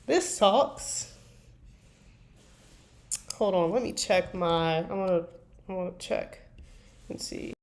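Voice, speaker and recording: A woman's voice: lowish voice, steady tone, moderate pace, a little mellow. A woman chatting casually to viewers on a live stream while she writes fan fiction, rambling and poking fun at herself. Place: at a computer desk. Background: faint keyboard typing and clicks.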